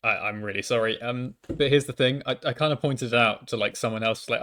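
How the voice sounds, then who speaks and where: A man's voice: medium pitch, fairly even intonation, fairly quick, few pauses, a bit bright. A young man, a university student, telling a casual storytime monologue into a microphone at home, often stammering and restarting with self-deprecating asides. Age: young adult.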